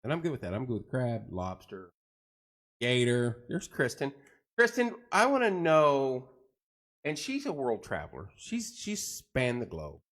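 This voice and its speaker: At normal speed and in a mid-range voice, a middle-aged man runs a casual live chat show. He rambles and jokes his way through animated stories and says hello to viewers.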